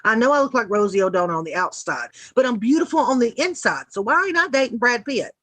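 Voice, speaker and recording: A woman's voice: fairly high pitch, animated, brisk, hardly any pauses, fairly bright tone, no room sound. Blunt, profane woman ranting. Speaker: livestream co-host. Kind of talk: casual roundtable chat.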